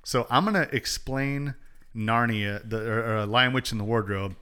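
A man's voice: medium pitch, bright, forceful tone, smooth. Male co-host with a twang, breezy and joking. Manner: jokey, acts out characters in quick asides. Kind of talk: casual chat retelling a book.

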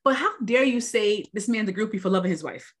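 A woman's voice: medium pitch, animated, a little fast. A woman from New York co-hosting a podcast, ranting in casual, profane chat. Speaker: podcast co-host.

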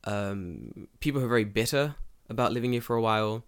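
A man's voice: on the low side, fairly quick, clear, resonant tone. A man in casual podcast chat, telling stories with lots of swearing and acting out quoted voices. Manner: profane, storytelling, acts out quotes. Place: lives in Japan.

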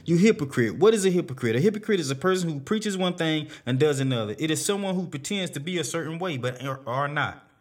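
Man, preacher, sermon, scripture reading, exhortations, slightly high voice. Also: expressive, fast talker. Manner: reads scripture aloud and explains it, with repeated exhortations.

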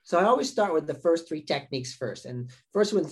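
A man's voice: fairly high pitch, expressive, brisk, husky. A man working as a psychologist, talking through his methods as a podcast guest. He explains in a patient, teaching way, often tagging his points with "right?" and voicing what a patient might say to themselves. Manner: teaching tone, tags many points with "right?" and "all right"; acts out patients' inner voices in quotes. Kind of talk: explanatory interview talk.

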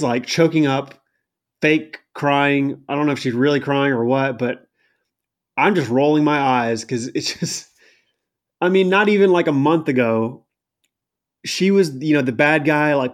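A man in a casual podcast chat, his voice sitting at an ordinary middle pitch. He rambles with fillers and sounds exasperated, throwing in mocking asides. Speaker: podcast co-host. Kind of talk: casual chat recapping a wrestling show.

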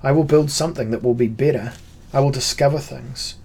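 A man's voice: mid-range voice, creaky, slightly rough. A man reading a grave, resolute young emperor. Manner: measured, even and grave. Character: brooding young sorcerer-emperor, calm and resolute.

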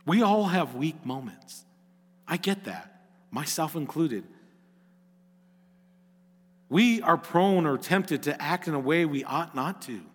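A man's voice: on the high side, animated, slow pace, pauses often, slightly rough. Earnest male pastor preaching in a reverberant hall. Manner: earnest, rising to emphatic exhortation. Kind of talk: sermon.

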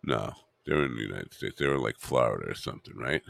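A man's voice: a bass voice, lively intonation, quick pace, vocal fry, fairly bright tone, no echo. A man hosting a podcast alone, rambling and muttering to himself with wry asides. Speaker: podcast host.

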